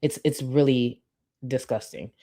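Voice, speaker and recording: A woman's voice: a bass voice, a little slow, dark tone. A woman streamer giving blunt, emphatic commentary, swearing freely and reading chat comments aloud.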